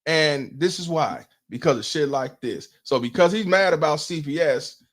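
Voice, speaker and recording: A man's voice: a little high, animated, normal speed. A man, hosting a commentary stream, blunt and profane, putting questions to his audience. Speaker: host.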